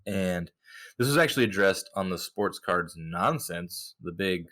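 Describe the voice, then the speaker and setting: A man co-hosting a casual hobby podcast, talking in an animated, joking, opinionated way. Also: low voice, a little slow. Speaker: podcast co-host.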